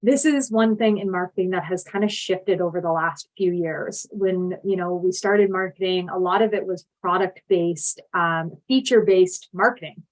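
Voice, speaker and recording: A woman's voice: on the low side, moderate pace, hardly any pauses, poor audio. A young adult woman giving a casual, friendly presentation over a video call, speaking with plenty of ums and easy fillers. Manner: friendly, upbeat, lots of fillers. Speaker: speaker presenting to an online summit. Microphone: video call mic.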